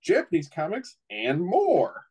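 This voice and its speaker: A man's voice: high voice, huge pitch swings, measured pace, darkish tone, husky, low-quality recording. A middle-aged man on a casual chat show, rambling through an anecdote with many restarts. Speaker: co-host.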